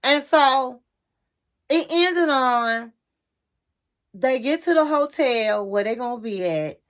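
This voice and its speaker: A woman's voice: high-pitched, expressive, slow pace. A woman hosting a casual reality TV recap, chatty and sassy, talking straight to the listener.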